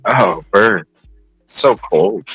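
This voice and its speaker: A man hosting a livestream from his car in heavy rain, chatting in a relaxed, rambling way. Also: fairly low pitch, drawn-out words, breathy edge, dry recording, faint music behind, poor audio. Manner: relaxed, rambling, thinks aloud. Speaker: livestream host. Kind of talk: casual chat while driving.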